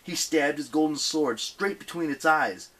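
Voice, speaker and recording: A man narrating an audiobook with expressive storytelling. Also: on the high side, a little slow. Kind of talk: scripted narration.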